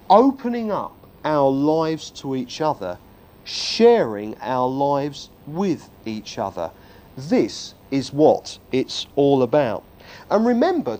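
A man's voice: sits high, dark tone. A man giving an emphatic church teaching talk, often asking his listeners "can you see?". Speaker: preacher.

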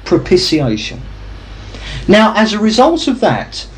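A man's voice: high-pitched, wildly swooping pitch, measured pace, rough recording. Guy preaching a sermon, voice swings up and down a lot, keeps asking the room questions, faint room noise. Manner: teaching, asks the audience questions.

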